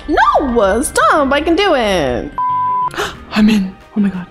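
A woman with a high, bouncy voice that swings widely in pitch. She talks unhurriedly through playful gameplay commentary, gasping and giggling with excitement. Soft music plays faintly behind her. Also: unhurried. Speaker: gaming video creator.

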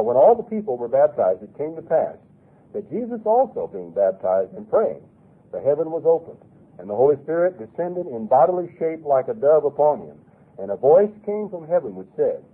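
A man with a husky, mid-range voice preaches a sermon, reading scripture aloud earnestly with emphasis that rises and falls. It sounds like a lo-fi, phone-like radio broadcast.

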